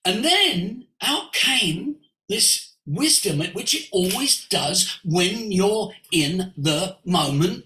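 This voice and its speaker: An older man, a voice coach, tells stories in an expressive way, moving between hushed asides and sudden exclamations. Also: high-pitched, drawn-out words. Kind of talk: animated storytelling. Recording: roomy echo.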